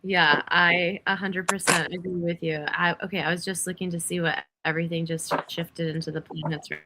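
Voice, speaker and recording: A woman's voice: lowish voice, level tone, a little fast, noisy background. A woman hosting a live online reading, chatting with a guest and laughing while she reads out planet positions. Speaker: host. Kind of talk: casual live-stream chat.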